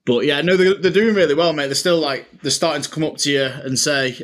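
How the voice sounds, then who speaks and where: A man's voice: medium pitch, brisk, hardly any pauses. A man, co-hosting a casual podcast chat and telling stories with laughs, calling his co-host mate. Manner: chatty, laughing storyteller, says "mate" a lot.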